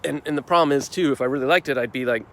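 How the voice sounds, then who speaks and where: A man's voice: medium pitch, racing, a bit bright. Rambling man recapping his day. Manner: rambling, reflective, with many fillers and restarts. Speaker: vlogger. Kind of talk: casual daily vlog recap. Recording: faint street noise outdoors.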